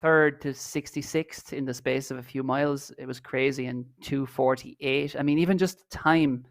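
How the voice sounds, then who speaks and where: A man's voice: medium pitch, fairly even intonation, moderate pace, no echo, studio quality. An Irish man co-hosting a podcast, chatting casually and commentating on a marathon in a rambling, self-deprecating way. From Ireland. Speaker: podcast co-host. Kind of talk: casual chat, race commentary.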